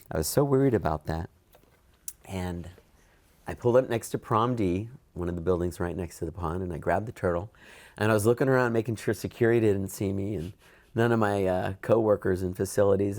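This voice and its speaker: A middle-aged man with a fairly low voice tells a workplace story in an oral history interview. He talks with lively ups and downs and acts out the dialogue in a raised voice. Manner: animated, acts out quoted dialogue with raised pitch. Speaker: interviewee, events program manager.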